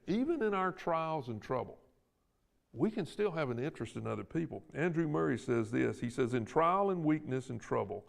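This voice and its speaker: Gravelly Southern man teaching Bible class. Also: mid-range voice. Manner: folksy, plainspoken, acts out quoted lines. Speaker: Sunday school teacher. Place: church classroom.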